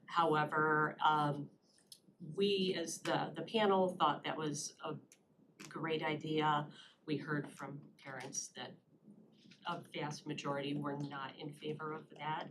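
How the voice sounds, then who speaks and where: A low-pitched woman answers a board's questions in a measured, explanatory way, pausing now and then on fillers. She is recorded in a public meeting room with steady background noise. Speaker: county staff presenter.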